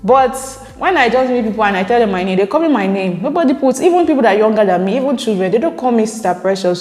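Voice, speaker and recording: A woman's voice: medium pitch, darkish tone. Chatty Nigerian woman in a roomy space. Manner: chatty, laughs often between points. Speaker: vlogger reacting to viewer comments. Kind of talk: casual chat. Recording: roomy echo with long reverb.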